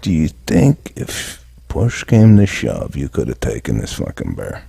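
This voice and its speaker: A very deep male voice with a gravelly fry, swinging widely up and down in pitch. He prods with blunt, profane questions, and the sound is close and dry. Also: wildly swooping pitch, measured pace, mellow, dry recording. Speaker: podcast co-host. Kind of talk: casual chat.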